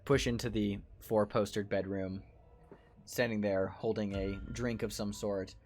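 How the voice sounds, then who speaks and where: A man running a tabletop horror game as game master, narrating scenes and slowing on details. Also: on the low side, steady tone, a little mellow, a little hiss or hum.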